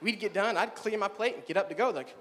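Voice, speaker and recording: A man's voice: sits high, quick pace. A young man in his twenties performing a playful stand-up comedy set on stage and talking straight to the audience. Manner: animated, playful, addresses the audience directly. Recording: long hall reverb.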